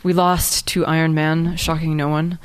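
A woman's voice: low voice, level tone, normal speed, clean tone. A woman author reading her own fiction aloud, then answering questions in a hesitant, filler-heavy way. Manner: hesitant, many fillers and restarts when speaking freely. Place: live reading event.

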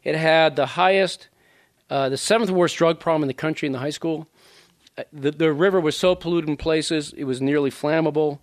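Author type, male, sixties, from Louisiana; conversational reading voice, slightly high-pitched, dry close sound. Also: a little fast, no echo. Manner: conversational, digressive, animated asides to the audience. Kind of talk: casual talk and book reading.

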